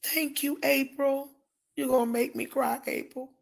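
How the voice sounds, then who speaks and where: This woman preacher's high voice is creaky, with a flat delivery and a measured pace. Ranting emotionally on a live stream, she speaks straight to viewers by name and frequently breaks into shouts.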